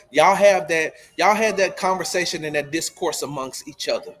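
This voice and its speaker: A man's voice: on the high side, normal speed, a bit bright. A man hosting a sports talk show, repeating his warnings with emphatic insistence. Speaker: podcast host.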